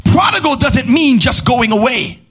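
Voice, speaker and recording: A man pastor preaching a sermon at a church service, calling out to the congregation and rising into sung, shouted cadences. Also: very high-pitched, lively intonation, moderate pace, slightly rough.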